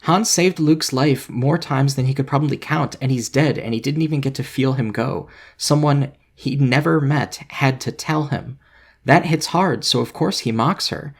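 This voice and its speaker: A man narrating a scripted video essay in a measured, analytical way. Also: medium pitch, gravelly, slightly rough.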